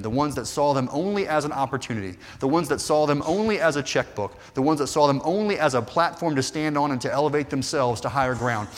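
Man, preacher, sermon, earnest, hushed to fervent, mid-pitched, long hall echo.

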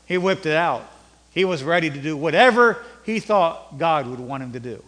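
A male pastor preaching a sermon, rising to loud emphatic peaks and dropping to low, quiet passages. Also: expressive, moderate pace, in a large hall.

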